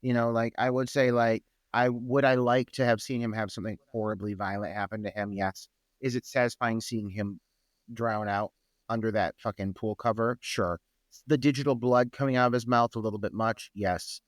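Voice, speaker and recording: A man's voice: mid-range voice, steady tone, moderate pace, no room sound, clean studio sound. A man co-hosting a podcast, giving laid-back, profane opinions on a film. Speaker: podcast co-host. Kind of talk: casual film discussion.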